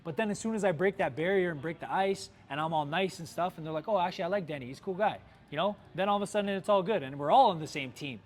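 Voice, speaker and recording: A man leading a sales training session for his dealership team, talking in an energetic coaching way with lots of "right?" and "like". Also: a little high, fast talker, hardly any pauses. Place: car dealership.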